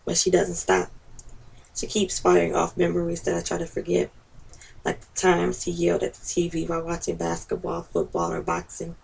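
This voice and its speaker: Gravelly, husky woman reading an essay. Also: lowish voice, monotone, darkish tone, far from the mic, low-quality recording. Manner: slow, measured first-person reading. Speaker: author reading her own essay. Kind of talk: reading a personal essay aloud.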